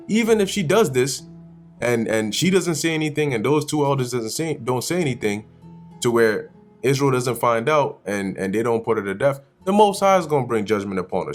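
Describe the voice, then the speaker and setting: Animated man teaching from scripture. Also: mid-range voice. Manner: animated, slangy, acts out characters. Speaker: Bible teacher. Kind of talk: casual Bible study commentary.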